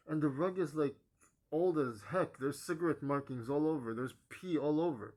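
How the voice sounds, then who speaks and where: Hesitant young man recounting his story. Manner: hesitant, many pauses and fillers, voice dropping low and soft at the ends of phrases. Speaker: vlogger giving a personal testimony. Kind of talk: halting personal storytelling.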